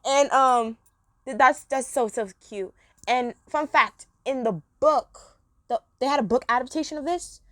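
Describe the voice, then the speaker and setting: A woman's voice: sits high, a little slow, fairly bright tone, no echo, studio quality. A woman reviewing a cartoon episode in a chatty, rambling monologue, gushing about the characters.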